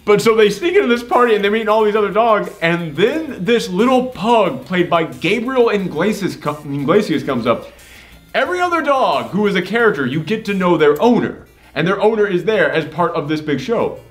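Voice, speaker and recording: A man hosting a casual movie reaction, animated and sarcastic as he picks the plot apart, swearing freely along the way. His voice sits fairly high for a man, and faint music plays in the background. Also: a little fast. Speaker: host.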